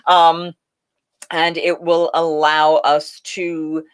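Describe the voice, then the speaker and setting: A woman hosting a casual live chat, telling stories in an animated way and acting out quotes. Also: sits low, very slow, clean tone. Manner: animated, laughing storyteller who acts out quotes. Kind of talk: casual live-stream storytelling.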